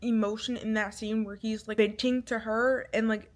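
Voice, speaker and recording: Young woman book vlogger, lightly raised pitch, rambling and emotional. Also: flat delivery, normal speed. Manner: rambling, full of "like" fillers; emotional, swings from irritated to teary. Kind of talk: casual book review chat.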